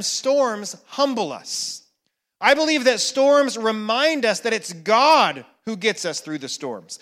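A man preaching a sermon, dropping to hushed repeated phrases and building to emphatic questions. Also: very high voice. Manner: slow, with dramatic hushed repetitions and rising emphasis. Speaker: pastor.

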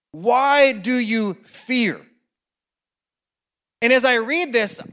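Slow, high-voiced male preacher. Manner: slow, with dramatic hushed repetitions and rising emphasis. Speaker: pastor. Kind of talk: sermon.

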